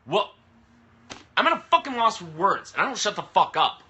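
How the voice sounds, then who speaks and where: A man vents into his camera in a live-stream rant, heavy with swearing and frustration. His voice sits a little high and sounds very bright and sharp. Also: big pitch swings, moderate pace. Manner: profane, frustrated, ranting. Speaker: vlogger. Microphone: camera mic. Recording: phone or webcam live stream.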